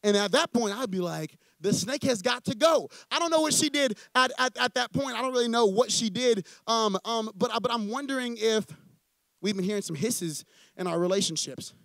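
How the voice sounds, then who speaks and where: A man's voice: very high voice, fairly quick, dry recording. A young man preaching a sermon in church, telling stories casually and acting out the characters, often restarting and repeating words. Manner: casual and animated, acting out quoted characters in storytelling. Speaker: pastor.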